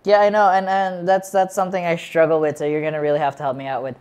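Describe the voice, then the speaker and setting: A man's voice: a little high, flat delivery, quick pace, a little mellow, clean tone. A young Filipino man co-hosting a casual chat show, playful, often stammering and restarting his sentences. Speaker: co-host.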